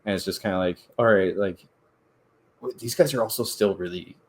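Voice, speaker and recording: A man co-hosts a sports podcast in a slightly low voice. He tells stories with energy, jumping up high when he acts out what others said, in loose, casual chat. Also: a little fast. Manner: animated storytelling, acts out quotes in a high voice. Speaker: podcast co-host.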